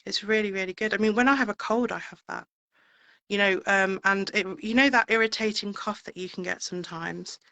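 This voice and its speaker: A woman's voice: mid-range voice, steady tone, a little fast, pushed and bright, no echo, low-quality recording. A woman singer being interviewed, chatting in a rambling way with plenty of fillers. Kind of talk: casual interview chat.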